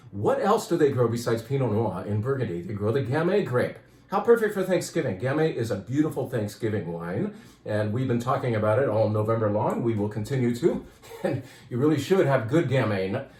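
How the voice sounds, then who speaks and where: A man's voice: medium pitch, a little mellow, echoey room. A man who runs a wine shop, chatting casually and enthusiastically about upcoming events and club wines, a little out of breath. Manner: chatty, enthusiastic, rambling with restarts. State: out of breath, dry throat. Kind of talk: casual promotional talk.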